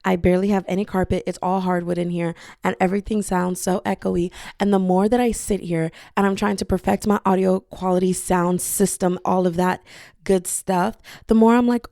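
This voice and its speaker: A woman's voice: lowish voice, steady tone, normal speed, creaky, mellow, no echo, studio quality. A young adult woman hosting her own podcast from her bedroom, chatting in a rambling way with a slightly scratchy voice and breaking into playful singing. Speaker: podcast host. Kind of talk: casual solo podcast chat. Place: her bedroom with hardwood floors. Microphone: podcasting mic.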